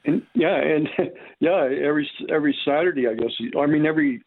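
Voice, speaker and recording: A man's voice: on the high side, a little fast, dry recording. Guy on a tinny phone line, casual radio chat, dry sound, keeps it short. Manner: brief agreeing replies.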